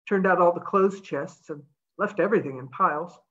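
A woman's voice: on the low side, normal speed, muffled recording, lightly acted. A woman reading as a fierce young woman. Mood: urgent. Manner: urgent, pleading.

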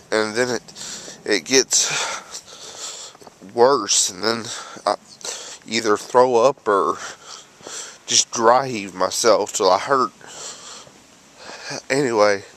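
A man's voice: fairly low pitch, fairly bright tone. A man, rambling and correcting himself as he vlogs outdoors on a handheld camera. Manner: rambling, self-correcting, chatty. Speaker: vlogger. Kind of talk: rambling casual vlog while walking outdoors. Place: outdoors on a road near home, windy. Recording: faint wind and passing cars.

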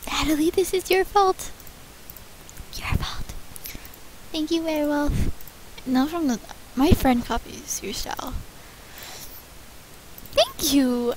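A female channel host chatting excitedly and thanking viewers by name during a casual gift-opening vlog. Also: high voice, a little hiss or hum, rough recording.

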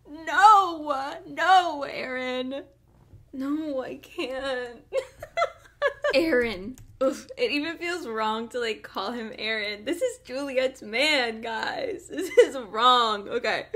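A woman's voice: sits high, lively intonation, slow, a bit bright. Giggly young woman book vlogger. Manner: giggly, dramatic and self-mocking. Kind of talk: casual vlog chat.

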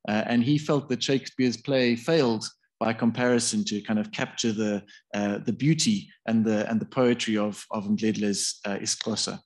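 A man's voice: lowish voice, fairly even intonation, normal speed. A man giving a university lecture in a hall, thinking aloud in a hesitant, discursive way. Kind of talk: academic public lecture.

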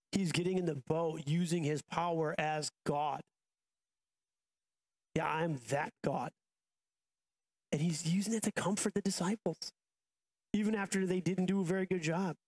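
A man in his thirties, a pastor preaching a sermon in a casual, conversational way, often restarting and going off on asides. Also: a little high. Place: church auditorium.

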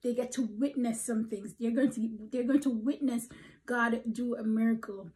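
Emphatic woman preacher, higher voice. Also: steady tone, moderate pace, mellow, low-quality recording. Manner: emphatic, tags "okay?" after points, drops to whispers. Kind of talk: prophetic encouragement message.

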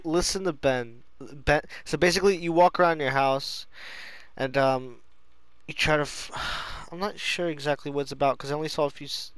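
A man's voice: a little high, fairly bright tone, clear, resonant tone, no room sound. A man chatting casually, rambling, giggling and swearing as he talks. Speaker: friend chatting. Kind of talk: casual chat.

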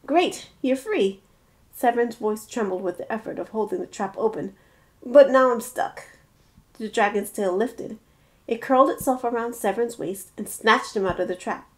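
A woman's voice: mid-range voice, moderate pace. Woman author reading her own fantasy novel aloud. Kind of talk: storybook narration.

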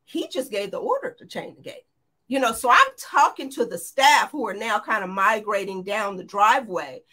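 A middle-aged woman, a guest in an interview, retelling a frightening experience in an animated, excited way, often restarting her sentences. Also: mid-range voice, normal speed. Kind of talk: emotional storytelling.

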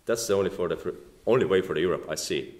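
Estonian-accented man, low voice, halting non-native English, after-dinner speech, echoey banquet hall. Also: darkish tone. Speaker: politician giving a speech. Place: banquet room at a formal dinner.

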